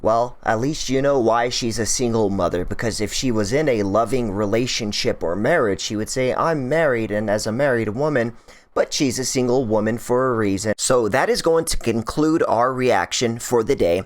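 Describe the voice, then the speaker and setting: A man's voice: mid-range voice, normal speed. A man hosting a reaction video, making blunt, dismissive comments between clips.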